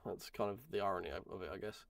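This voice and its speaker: A man streams live and chats loosely as he works, his voice rough and gravelly from a chest infection. His speech sits on the low side and drifts along in a rambling, self-mocking way. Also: very fast, fairly bright tone, no echo. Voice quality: croaky, gravelly. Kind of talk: casual live-stream chat while building.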